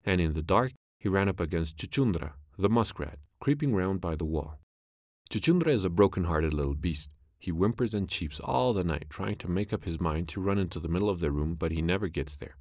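A man narrating a classic animal story in a measured, expressive way. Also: low-pitched, no room sound, clean studio sound.

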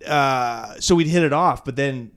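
A man's voice: medium pitch, unhurried, fairly bright tone, clear, resonant tone. Young male podcast co-host, casual, crude storyteller with an average voice. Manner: rambling storyteller, crude, laughs a lot. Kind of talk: casual chat.

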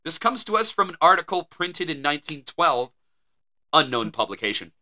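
A man's voice: on the high side, big pitch swings, moderate pace, pushed and bright. Laughing, rambling male podcast co-host. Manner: laughing, rambling, hesitant reading. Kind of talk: casual chat.

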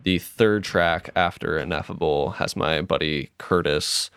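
Deep-voiced calm man hosting a podcast. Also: clean tone, no room sound, studio quality. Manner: calm, unhurried and reflective, with many fillers. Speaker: podcast host. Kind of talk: reflective casual podcast chat.

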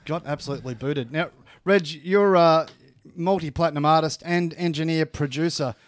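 A man hosts a show, bantering casually and introducing a guest. His voice sits a little high for a man. The sound is dry. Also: moderate pace, no echo. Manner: chatty, laughing interviewer. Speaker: radio host.

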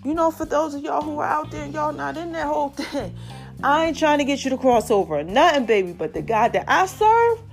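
High-pitched woman chatting on her podcast, lively and talkative, faint music underneath. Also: fairly quick. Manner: chatty, animated, calls listeners "y'all" and "child". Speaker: podcast host. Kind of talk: casual solo podcast chat.

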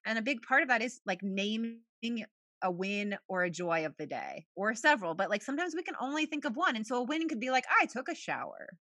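A young woman talks in a loose, chatty way, full of fillers and quick laughs. Her voice is bright and forward. The sound is dry and close, with no room around it. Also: a little high, animated, no echo. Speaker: podcast guest, journal creator. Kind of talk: casual podcast conversation.

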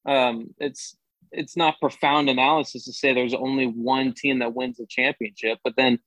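A man's voice: mid-range voice, little pitch movement, normal speed, a bit bright, dry recording, poor audio. A young man, a sports anchor, chatting casually as a podcast guest and often restarting his sentences with upbeat energy.

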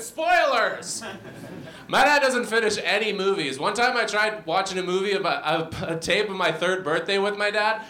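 A young man performing a stand-up comedy set with a deadpan, self-deprecating delivery. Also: high-pitched. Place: comedy venue with audience. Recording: roomy venue sound.

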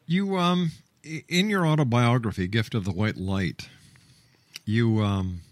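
A man hosting a radio interview, asking questions haltingly. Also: medium pitch, no echo. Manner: halting, with fillers and restarts. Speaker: radio host.

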